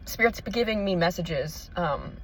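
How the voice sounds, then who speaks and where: A woman's voice: lowish voice, lively intonation, measured pace, a little hiss or hum, rough recording. A woman talking in a casual confessional vlog, emotional and rambling, swearing freely as she searches for words. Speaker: vlogger.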